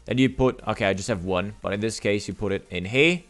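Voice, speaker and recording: A man giving casual gameplay commentary, explaining steps and getting loud and swearing when the game frustrates him. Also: on the low side, brisk, soft background music. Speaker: gameplay streamer.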